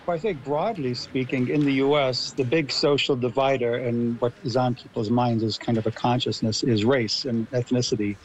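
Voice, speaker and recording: A man's voice: mid-range voice, steady tone, moderate pace, hardly any pauses, poor audio. A man with an American accent, a guest on a radio interview, explaining his points at length. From Los Angeles, USA. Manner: explanatory, builds arguments. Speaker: guest linguist.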